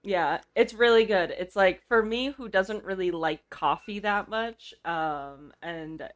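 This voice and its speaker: A woman's voice: mid-range voice, slow. A woman chatting casually before a tabletop game, laughing easily and trailing off with fillers. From Canada. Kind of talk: casual chat.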